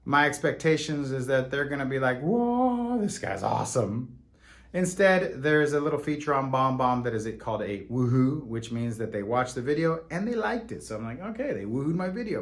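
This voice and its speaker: A man who works as a real estate agent, telling a story in a casual vlog and acting out both sides of the conversations. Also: fairly high pitch.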